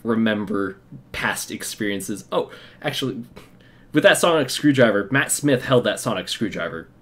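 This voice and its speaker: A young man from Utah hosting a casual podcast, telling excited fan stories with quick asides and laughs. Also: on the low side. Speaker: podcast host. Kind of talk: casual chat.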